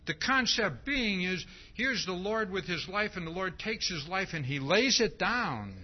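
A man preaching a sermon, reading scripture aloud and asking "see?" again and again in a slow, emphatic way. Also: high-pitched, animated, slightly rough. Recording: dull lo-fi recording.

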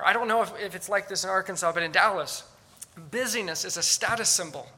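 A man preaching in an earnest, emphatic style. His voice sits high and sounds very bright and piercing. He often stops to ask the listeners rhetorical questions. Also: fast. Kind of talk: sermon.

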